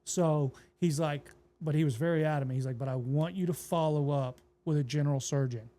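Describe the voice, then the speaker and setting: Mellow-voiced pastor telling his story. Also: on the high side, fairly quick. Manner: relaxed, plainspoken retelling that acts out quoted dialogue. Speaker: pastor and podcast guest. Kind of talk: casual interview storytelling.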